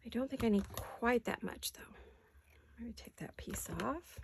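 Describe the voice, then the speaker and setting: A woman craft vlogger in her home studio, her voice raspy from allergies, chatting casually and self-deprecatingly to viewers while she works. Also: fairly high pitch, normal speed, darkish tone, whispered.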